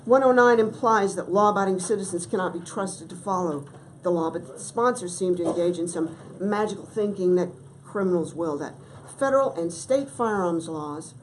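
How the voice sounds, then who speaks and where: A middle-aged woman giving formal testimony at a legislative hearing, measured and emphatic, stressing key words. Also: fairly low pitch, slight background noise, rough recording. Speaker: testifying witness.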